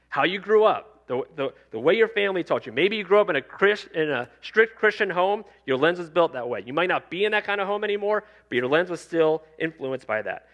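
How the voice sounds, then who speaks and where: A man's voice: on the high side, a bit bright. A male pastor delivering a sermon in a conversational preaching style, circling back to repeated refrains. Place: church sanctuary.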